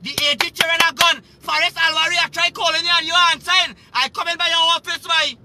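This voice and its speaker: A Trinidadian man delivering an agitated, profane, repetitive rant on a live stream, often shouting. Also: very high-pitched, steady tone, fast. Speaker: livestreamer.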